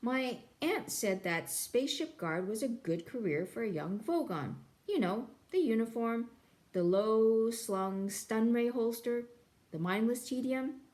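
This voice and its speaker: Slow dopey hulking alien guard guy, woman doing the voice, drawls it out, pitch swings around a lot. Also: animated, darkish tone. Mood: puzzled. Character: dim-witted hulking male alien guard, sluggish.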